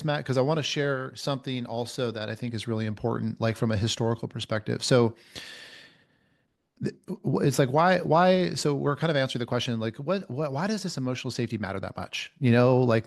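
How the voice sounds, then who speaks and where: A man's voice: mid-range voice, vocal fry. A man speaking as a guest coach on a men's mentoring video call, emphatic and repeating his key phrases. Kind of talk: motivational coaching talk.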